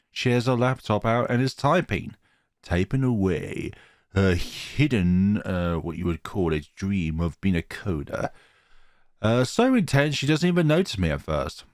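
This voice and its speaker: Playful guy reading a game out loud, trips over words and fixes them, bouncy delivery, dry sound. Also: mid-range voice, no echo. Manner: playful, stumbles over words and corrects himself. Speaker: let's player. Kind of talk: reading a visual novel aloud.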